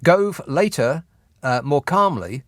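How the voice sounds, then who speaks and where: A man's voice: on the high side, animated, slow pace, fairly bright tone, no echo. Dry, sardonic male radio host. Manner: sardonic, mocking asides. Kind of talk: satirical news commentary. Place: radio studio. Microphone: studio microphone.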